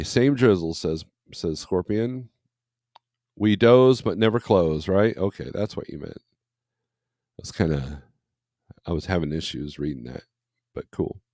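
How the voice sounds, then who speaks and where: A truck driver hosts a casual morning livestream, reading viewer comments aloud and rambling bluntly with many fillers. When griping he turns opinionated and direct. His voice is on the low side and darkish, recorded with clean studio sound and no echo.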